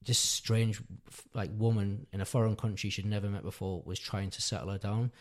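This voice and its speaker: A man's voice: on the low side, steady tone, brisk. A man, around his thirties, telling a long personal story in casual chat, rambling and correcting himself as he goes. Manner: rambling, self-correcting, earnest. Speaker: podcast guest, father.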